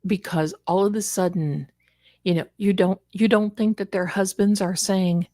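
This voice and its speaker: A woman hosting a casual livestream, talking in an animated, emphatic way and speaking straight to her viewers from an indoor room. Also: mid-range voice, moderate pace, no echo, clean studio sound. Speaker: livestream host.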